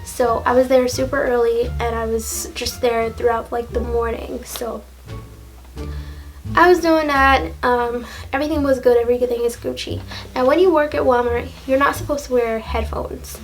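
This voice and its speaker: A woman in her late twenties telling a story in a casual, animated, laughing way, full of slang. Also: fairly high pitch, normal speed, soft background music, poor audio. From Jamaica. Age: late 20s. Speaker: vlogger.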